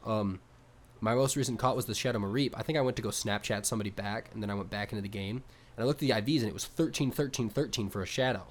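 A young man co-hosting a podcast, telling stories in a casual, animated way with swearing. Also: on the low side, quick pace. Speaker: podcast co-host. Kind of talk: casual chat.

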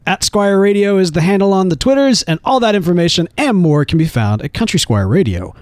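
Animated, chatty man co-hosting a podcast. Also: high-pitched, a little fast, dry recording. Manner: chatty and animated, with frequent fillers and laughs. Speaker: podcast co-host. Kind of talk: casual chat.

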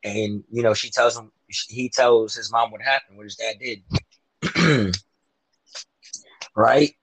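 A man's lowish, slightly bright and rough voice moves slowly with frequent pauses on a low-quality, echo-free recording. Casually guessing what happens next in a TV show he follows, he uses loose slang, corrects himself as he goes, and acts out imagined dialogue.

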